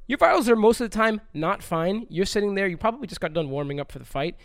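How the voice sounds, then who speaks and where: A man on a casual podcast, swearing freely and telling stories with lively acted-out quotes. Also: high-pitched, fast talker, no room sound, studio quality. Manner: profane, animated storytelling with acted quotes. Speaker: podcast guest.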